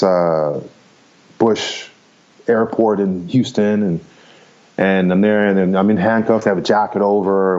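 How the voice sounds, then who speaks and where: Deep-voiced man telling his story. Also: darkish tone, highs cut off. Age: 50s. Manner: frank, rambling, laughs easily, swears casually. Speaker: podcast guest. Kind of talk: candid storytelling interview.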